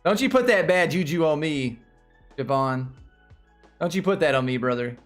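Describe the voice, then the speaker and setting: Southern guy rambling on his stream, kinda high voice, talks to chat a lot. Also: normal speed, soft background music. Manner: rambling, repeats himself, chats with viewers. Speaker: livestream host. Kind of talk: casual livestream chat about stocks.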